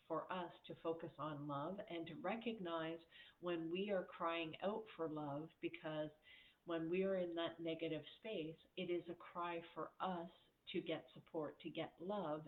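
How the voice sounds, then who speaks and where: Candid woman coach, tinny echoey sound. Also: low voice. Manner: candid, laughs often, mimics voices when quoting. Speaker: life coach. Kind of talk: casual motivational talk. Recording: echoey room over a tinny phone-like line.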